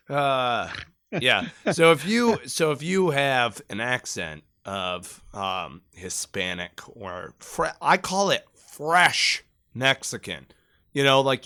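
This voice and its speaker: A man in his thirties tells crude, joking service stories in a loose, profane podcast chat. His voice sits at an ordinary middle pitch, and he now and then slips into mimicking the people in his stories. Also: bright, forceful tone. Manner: profane, joking storyteller who mimics accents. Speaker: podcast co-host, Marine veteran. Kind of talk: casual chat.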